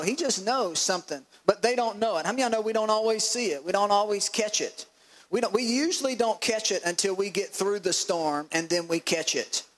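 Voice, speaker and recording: A man preaches a sermon in a high-pitched voice. He keeps throwing questions out to his congregation and lets his delivery swell into pleading, emotional cries. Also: fairly bright tone. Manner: preaching with rising, pleading outbursts and call-and-response questions. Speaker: pastor.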